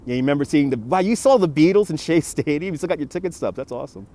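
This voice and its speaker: This livestream tour host, a New Yorker in his forties, talks very fast and animatedly in a dark-toned voice on the high side. He strolls by a city harbor with his phone on a handheld gimbal, greeting viewers by name and responding to comments while traffic rumbles behind.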